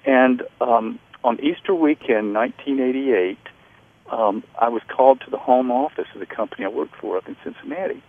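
Man, middle-aged, author guest, earnest halting storyteller, from North Carolina, phone-line radio audio. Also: mid-range voice. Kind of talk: storytelling interview.

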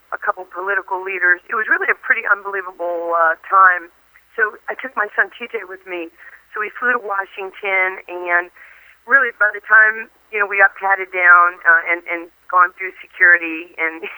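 A middle-aged woman from New York, a guest in an interview, telling lively stories and laughing often. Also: lowish voice, no room sound, low-quality recording. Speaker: interview guest, former athlete. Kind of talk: phone interview, storytelling.

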